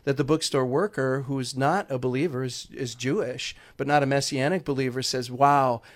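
A man who is a guest on a radio show, telling a story in an animated way, acting out quotes and saying "like" often. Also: mid-range voice, brisk. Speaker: guest, ministry leader.

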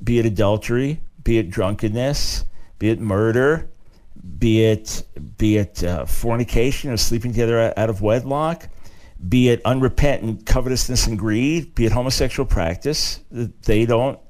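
A man's voice: mid-range voice, moderate pace, a little mellow. A man hosting a radio talk show, speaking emphatically like a preacher, repeating key phrases and often restarting his words. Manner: frequent stammered restarts. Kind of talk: talk radio commentary and answering listener email.

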